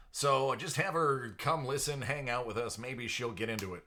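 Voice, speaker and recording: A man's voice: medium pitch, animated, a little slow, pushed and bright. A man hosting a casual live stream, chatting with viewers by name and laughing often. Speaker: live stream host for card breaks. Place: at home.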